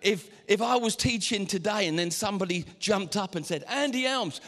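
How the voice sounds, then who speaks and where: A man preaching a sermon to a congregation, animated, acting out voices and now and then shouting. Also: sits high, a little fast. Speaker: pastor. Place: church auditorium. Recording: long hall reverb.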